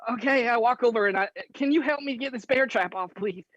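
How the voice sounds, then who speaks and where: A small male rat familiar, eager and apologetic, his voice high and squeaky, as a man acts him out. He yelps at every setback in a tabletop game. The sound is dry and a little dull. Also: brisk, a bit bright, no echo.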